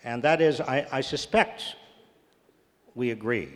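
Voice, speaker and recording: A man's voice: medium pitch, a little slow, fairly bright tone. A man speaking at a public talk and answering audience questions, earnest and emphatic, repeating phrases for stress. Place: large church hall. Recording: reverberant church hall.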